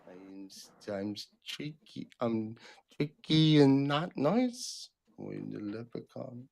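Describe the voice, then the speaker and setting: Man putting on a sly, hushed Irish leprechaun. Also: medium pitch, very animated, slow, gravelly, full character voice. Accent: put-on Irish. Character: mean tricky little male leprechaun-priest.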